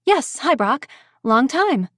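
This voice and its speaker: Narrator doing the heroine, young woman forcing polite talk, lifts her voice higher, dry. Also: very animated, slow pace, fairly bright tone, no room sound, heavily acted. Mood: strained polite. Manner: forced politeness. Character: determined young woman pushing through a tense call.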